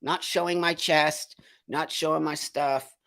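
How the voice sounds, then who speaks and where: A man's voice: on the high side, steady tone, a little slow, creaky, a bit bright. A man hosting a live stream, talking to viewers and reading their comments in an emphatic, indignant way, repeating phrases for effect. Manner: indignant, ranting. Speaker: host of a live show.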